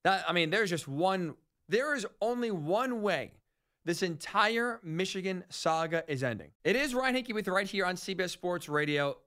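A man hosting a sports talk radio show, rambling and animated, often correcting himself mid-sentence. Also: high voice, moderate pace.

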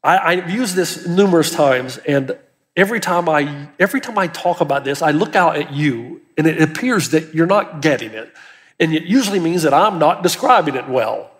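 A man's voice: a little high, expressive, moderate pace, fairly bright tone. A male pastor preaching an earnest, emphatic sermon, lifting his voice on key words. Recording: long hall reverb.

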